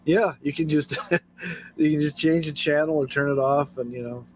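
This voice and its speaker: A man's voice: a little high, steady tone, normal speed, a little mellow, slight background noise, low-quality recording. A man hosting a casual late-night livestream, telling stories and chuckling often as he talks. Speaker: livestream host.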